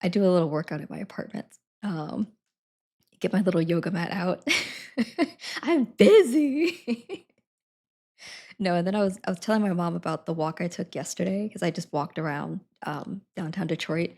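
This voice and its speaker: A woman's voice: on the low side, fairly even intonation, brisk, creaky, dark tone. A young woman streaming live from her desk at home, chatting to viewers in a rambling way and laughing often. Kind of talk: casual chat to viewers.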